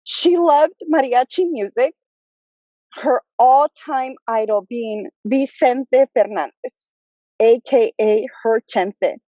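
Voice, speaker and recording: Woman, slow and choked up, soft mellow voice, muffled dry video-call audio, memorial tribute. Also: fairly high pitch, no echo. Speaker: family member giving a tribute. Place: outdoors at a cemetery graveside.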